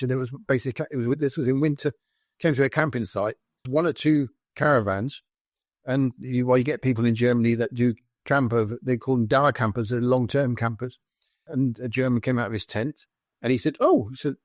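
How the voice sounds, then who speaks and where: A British man on a podcast spins army anecdotes, acting out the people he met in little quoted exchanges. His voice sits at an ordinary middle pitch, and the sound is close and dry, with no room around it. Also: no room sound. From Britain. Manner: animated anecdotes with quoted dialogue. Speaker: podcast guest, former soldier. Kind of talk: conversational storytelling.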